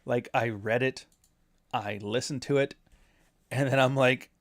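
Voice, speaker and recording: A man's voice: mid-range voice, steady tone, a little slow, no room sound, studio quality. A man doing casual commentary, rambling through sarcastic asides. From Canada. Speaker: commentary host.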